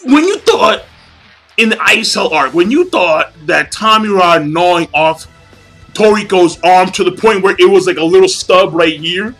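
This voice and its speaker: A young man with a high, bright voice rants excitedly through a casual video review, piling on curses and slang. Faint music plays beneath his talk. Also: normal speed, poor audio. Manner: hyped, profane, slangy fanboy gushing. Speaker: manga chapter reviewer.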